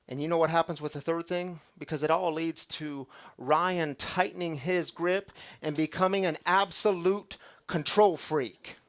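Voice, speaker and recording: Fairly high-voiced preacher, swings loud and hushed. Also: male voice, fairly even intonation, unhurried, few pauses. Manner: dramatic shifts from loud to hushed; conversational, calls the audience y'all. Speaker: pastor. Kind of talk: sermon.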